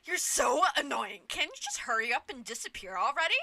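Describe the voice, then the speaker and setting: A woman's voice: high-pitched, big pitch swings, fairly quick, bright, forceful tone, full character voice. A woman voicing a cruel, playful teenage girl who mockingly taunts her sister in a fan dub. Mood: sweetly mocking. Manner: sweetly mocking.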